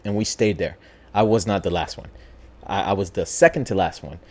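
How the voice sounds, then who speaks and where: A man casually telling a spooky personal story as a podcast host, talking in a lively, profane way. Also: low voice, brisk. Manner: animated, profane, acts out voices in his story.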